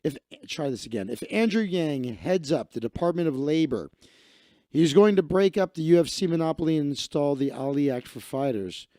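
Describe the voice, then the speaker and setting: A man's voice: on the high side, expressive, moderate pace, dark tone, no echo, studio quality. A man hosting a live stream, rambling and ranting to himself while he browses, swearing freely. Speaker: livestream host.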